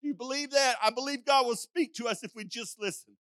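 A man's voice: very high-pitched, brisk, a bit bright, no room sound. An older man preaching a sermon in a folksy, rambling storytelling way, acting out calls and sheep sounds with frequent restarts and asides. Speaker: pastor.

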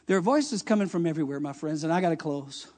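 A man pastor preaching a fiery sermon to a congregation in church. He shouts at the peaks and answers objections that he imagines from the crowd. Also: on the high side, lively intonation, fast talker. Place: church service.

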